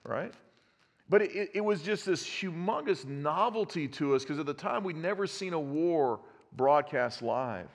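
A man's voice: a little high, animated, measured pace. A man, preaching a conversational sermon and putting questions to his congregation. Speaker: pastor. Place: church sanctuary. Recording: long reverb of a church hall.

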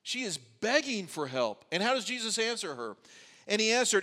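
Pastor, male, high voice, conversational preaching with dry jokes, long church reverb. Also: big pitch swings, fairly quick, pushed and bright. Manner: conversational preaching with wry asides. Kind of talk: sermon.

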